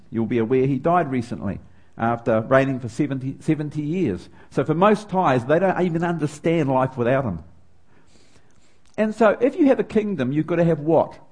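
A middle-aged New Zealand man, speaking with a New Zealand accent, preaches a sermon and tells a personal story with mounting emotion. His voice is on the high side, husky and a little mellow.

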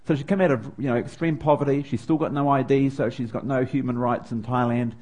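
A man's voice: medium pitch, steady tone, brisk, a little mellow, lo-fi sound. New Zealand man preaching a sermon. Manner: personal storytelling with rising emotion.

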